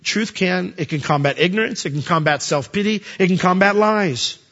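A man's voice: high-pitched, moderate pace, fairly bright tone. A man preaching a sermon in a conversational way, with humorous asides and plenty of rhetorical questions. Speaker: pastor. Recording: dull lo-fi audio in a reverberant hall.

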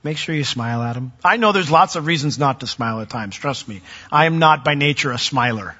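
A middle-aged man preaching from the pulpit, his voice bright and a little husky. He talks in a conversational way with touches of dry humor. The sound is muffled and lo-fi, with a long reverb from a large church hall. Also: medium pitch, expressive, a little fast. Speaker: pastor. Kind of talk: sermon.

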